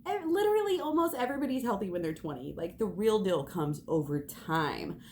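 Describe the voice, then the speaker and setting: A woman's voice: lowish voice, expressive, normal speed, a little mellow, a little hiss or hum. A young woman giving an emphatic spiritual pep talk as a tarot reader, swearing and laughing as she speaks.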